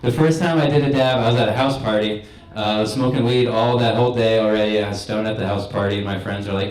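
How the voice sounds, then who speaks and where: A man's voice: on the low side, steady tone, fast talker, a little mellow, echoey room, low-quality recording. A young man doing a stand-up set in a comedy club, telling stories in a laid-back, rambling way. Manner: laid-back stoner storytelling.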